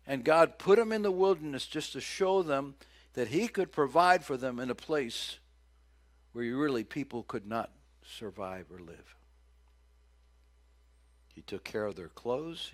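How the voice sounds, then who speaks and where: A middle-aged man preaching a sermon as pastor, folksy and joking, with big loud swings when he acts out cries. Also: medium pitch, normal speed.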